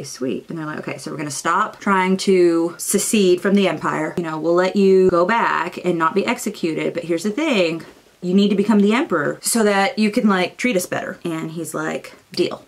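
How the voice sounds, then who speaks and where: A woman's voice: lowish voice, creaky. Chatty woman retelling a book plot. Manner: chatty, acts out characters in quick asides. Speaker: booktuber. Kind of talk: casual book summary.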